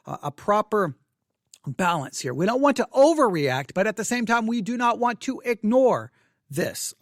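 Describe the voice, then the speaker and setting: Man, high voice, dry close sound, breathless, rambling restarts. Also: dry recording. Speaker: Baptist preacher commenting on news. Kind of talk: off-the-cuff news commentary. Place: church building. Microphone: desk microphone.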